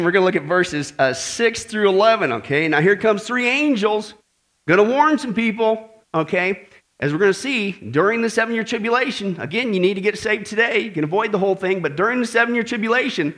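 A man preaching a sermon to a congregation in a conversational, animated way, often checking in with "okay?" and dropping jokes. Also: high voice.

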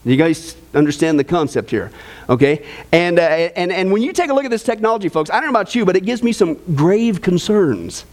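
A man's voice: high-pitched, a little fast. A male pastor preaching a sermon, reading scripture aloud and asking the congregation questions. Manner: animated, asks the audience questions, reads scripture aloud.

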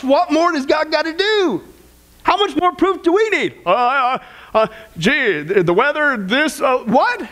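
A man's voice: extremely high pitch, a bit bright. A man preaching a sermon with passion, scolding and acting out quoted voices. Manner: impassioned, scolding, acts out quotes.

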